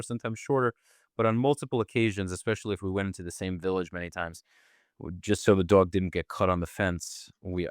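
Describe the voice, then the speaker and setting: A man's voice: deep voice, clean tone, no room sound, studio quality. A man from the United States, a podcast guest and former soldier, recalling his service thoughtfully in casual conversation.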